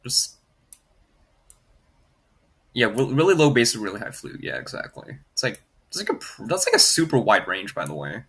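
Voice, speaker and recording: Man, casual streamer chat, rambling with lots of fillers, bright voice, husky edge. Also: mid-range voice, huge pitch swings, normal speed, long pauses. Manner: rambling, heavy on "like" fillers, reads chat aloud. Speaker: streamer graphing in Desmos.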